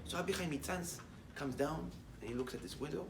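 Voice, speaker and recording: Rabbi telling a story in an echoey room. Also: male voice, fairly high pitch, expressive, fairly quick, gravelly, distant mic, noisy background. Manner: mixes Hebrew terms into English, storytelling, rising to emphatic declarations. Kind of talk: short morning sermon with a story.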